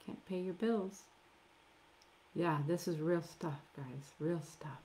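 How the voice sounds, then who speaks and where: A middle-aged woman preaching a sermon, emphatic, drawing out key words and dropping to soft near-whispers at times. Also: fairly low pitch, a little hiss or hum. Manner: emphatic, with slow drawn-out stresses and soft near-whispered asides.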